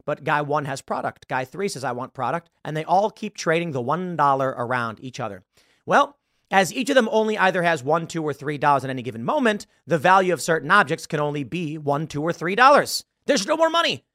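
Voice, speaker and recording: A man hosting a political commentary show, talking in an animated, rambling monologue full of fillers. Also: a little high, fairly quick, no echo, clean studio sound. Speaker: show host.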